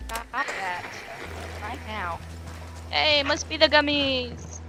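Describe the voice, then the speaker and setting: A woman's voice: high-pitched, animated, takes it slowly, over music. A woman chatting casually while playing a shooter game with friends, swearing and giggling often. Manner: profane, giggly, swears a lot. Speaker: gamer.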